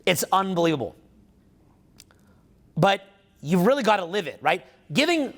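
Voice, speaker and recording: Fairly high and a bit bright, his voice has a sing-song lilt, moving a little fast but broken by long pauses. He's a social skills coach at a live seminar, profane and emphatic, firing questions at the crowd.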